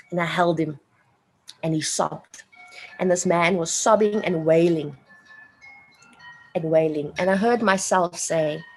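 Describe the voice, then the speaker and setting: A woman's voice: fairly low pitch, slight background noise, rough recording. A woman in her late thirties or older with a South African accent, a guest in an interview telling a personal story earnestly and emotionally, repeating phrases for emphasis. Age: late 30s or older.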